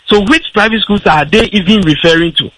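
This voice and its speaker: A man's voice: high-pitched, fairly quick, a bit bright, husky, poor audio. A man, a guest on a radio discussion, arguing his position firmly with frequent restarts and fillers. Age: adult with a school-age child. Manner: argumentative, many restarts and fillers. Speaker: radio talk show guest.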